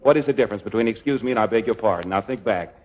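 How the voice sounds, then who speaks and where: A man hosting a live radio quiz in the 1940s, trading quick playful ad-libs with contestants. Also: lowish voice. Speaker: quiz master and comedian. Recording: dull lo-fi 1940s radio broadcast.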